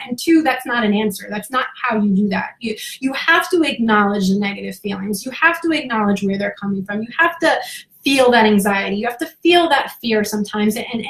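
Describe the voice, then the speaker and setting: A woman with a fairly high voice talks straight to her viewers, frank and emphatic, peppering her points with "like" and "right?". The room around her rings with a noticeable echo. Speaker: spirituality coach. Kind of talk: casual live talk to viewers. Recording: roomy echo.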